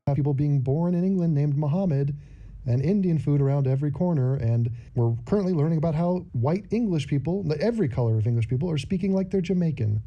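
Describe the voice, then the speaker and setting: Dark-voiced man with mocking commentary. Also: a little high, expressive, quick pace, muffled recording. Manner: mocking, jokey asides. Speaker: host reacting to clips. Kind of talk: casual sarcastic commentary.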